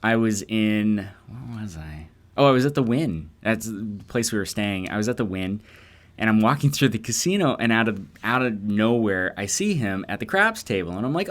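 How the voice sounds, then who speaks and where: A man's voice: fairly low pitch, animated, moderate pace. A man co-hosting a comedy podcast, telling a self-deprecating story in casual chat with hesitant fillers. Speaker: podcast co-host.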